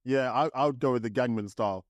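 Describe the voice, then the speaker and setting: A man's voice: medium pitch, fast talker, dry recording. A man co-hosting a podcast in casual chat, easygoing and agreeable. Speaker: podcast co-host.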